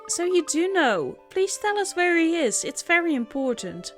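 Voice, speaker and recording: A woman's voice: very high voice, big pitch swings, normal speed, faint music behind. A woman voicing a polite, eager young boy in a video game.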